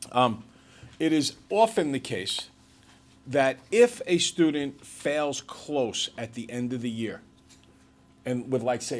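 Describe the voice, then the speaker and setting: Man teaching a math class. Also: medium pitch. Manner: lecturing students, then working problems with the class.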